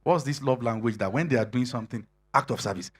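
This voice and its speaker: Husky preacher man. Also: medium pitch, fast. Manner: conversational preaching with frequent laughter and rising shouted emphasis. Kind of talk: sermon to singles.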